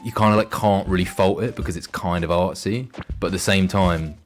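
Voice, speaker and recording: A man's voice: sits low, fairly even intonation, fairly quick, soft background music. A young man streaming a game, rambling and joking crudely in casual banter. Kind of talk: casual gaming stream commentary.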